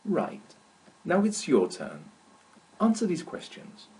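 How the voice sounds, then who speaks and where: A man teaching an English grammar lesson, speaking deliberately and enunciating clearly, with pauses for practice. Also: sits high, wildly swooping pitch, a little mellow, poor audio. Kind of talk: slow, careful English lesson narration.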